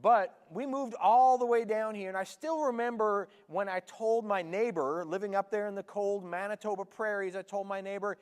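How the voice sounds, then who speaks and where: A man's voice: sits high, moderate pace, hardly any pauses, in a large hall. A man from Canada in his forties preaching a sermon in a church, chatty and joking with the congregation. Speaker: pastor. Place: church sanctuary.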